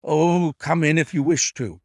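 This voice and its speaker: A man voicing a fierce, bullying elderly horse trainer in a read-aloud detective story, talking loudly and bluster-heavy. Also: fairly high pitch, unhurried, no echo, clean studio sound, pitched above the performer's own voice. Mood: cowed. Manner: loud and blustering.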